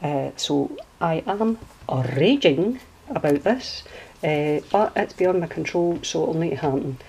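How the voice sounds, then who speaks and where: A woman's voice: deep voice, normal speed, creaky, a little mellow, poor audio. A Scottish woman hosting her craft channel, walking through a project at home in a chatty, rambling way. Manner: chatty, rambling, homely asides. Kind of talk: casual craft walkthrough. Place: at home indoors.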